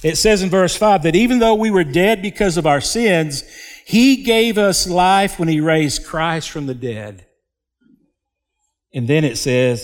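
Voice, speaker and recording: Slow-preaching man in a reverberant hall. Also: on the high side. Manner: slow, emphatic preaching with dramatic pauses. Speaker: pastor. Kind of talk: sermon.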